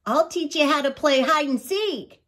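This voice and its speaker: A timid little badger cub from a bedtime story talks in a high, small voice that stretches its words out slowly, played by an older woman reading aloud. He is young and loyal, with a soft hesitance in his manner. The pitch sits well above an adult's and moves around expressively. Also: expressive. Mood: happy.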